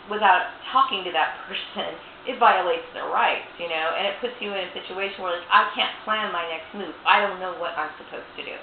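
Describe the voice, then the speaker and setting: A woman's voice: lowish voice, gravelly. A woman ranting indignantly to camera, swearing and repeating "you know" as she airs her grievances. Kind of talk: angry personal rant to camera. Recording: tinny phone-like sound, echoey room, faint hiss.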